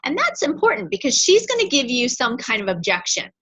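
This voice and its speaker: A woman's voice: high voice, huge pitch swings, fairly quick, a bit bright, slightly rough. A middle-aged woman leading a motivational sales training class, talking with emphatic energy and acting out phone scripts. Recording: dull lo-fi recording.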